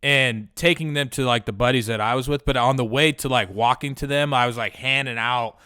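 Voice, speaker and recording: A man's voice: mid-range voice, brisk, sharp tone, smooth, no echo, clean studio sound. A young man hosting a podcast, telling a long profane story in a loose, rambling way with lots of filler words. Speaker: podcast host. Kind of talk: casual storytelling.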